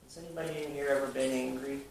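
In a mid-range, steady voice with vocal fry, a pastor talks fast as he preaches emphatically to his congregation, posing one rhetorical question after another. The church sanctuary sounds very echoey, recorded from far away with faint noise.

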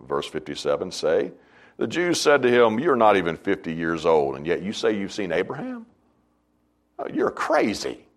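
A man preaching a sermon as pastor, emphatic, his voice swinging between loud high stresses and low quiet asides.

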